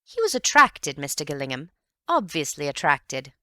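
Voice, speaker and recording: A woman's voice: deep voice, huge pitch swings, normal speed, bright, forceful tone, no room sound, studio quality, exaggerated voice. A woman voicing a gossipy, self-important middle-aged mother in an audiobook, speaking emphatically. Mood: emphatic. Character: gushing, indignant middle-aged society mother. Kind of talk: audiobook character voice.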